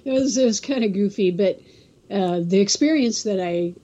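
Halting storyteller woman from California, mellow voice. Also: medium pitch, muffled recording, slight background noise. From California Central Coast. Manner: halting, restarts often, acts out quotes. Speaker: interview guest. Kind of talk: casual storytelling.

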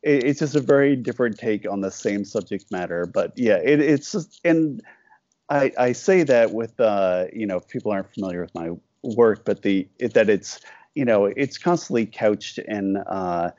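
A man's voice: on the low side, lively intonation, moderate pace, a little mellow, no echo, muffled recording. A man being interviewed about his cartoons. He talks casually and rambles, breaking off often and acting out little quoted exchanges. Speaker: cartoonist guest.

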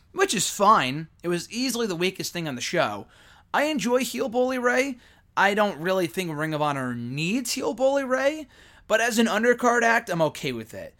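Young adult man, fairly high voice, casual opinionated review, rambling delivery. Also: pushed and bright. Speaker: wrestling commentator.

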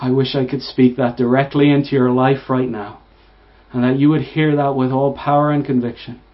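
A man preaching a sermon to listeners, repeating words, swelling to emphatic peaks and falling to hushed, low phrases. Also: level tone, moderate pace. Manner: repeats and restarts words, rising to emphatic bursts. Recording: dull lo-fi sound.

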